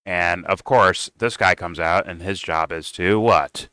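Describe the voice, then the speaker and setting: Male commentator, profane and heated; low, clean, dry close sound. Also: unhurried, pushed and bright, clear, resonant tone, dry recording, rough recording. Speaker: political commentator. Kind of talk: casual reaction commentary.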